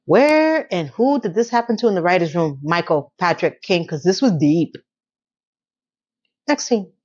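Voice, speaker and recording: A woman hosting a casual TV episode recap, telling scenes with animated storytelling. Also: medium pitch, a little slow, muffled recording. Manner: animated storytelling, breaks into laughter. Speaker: recap host.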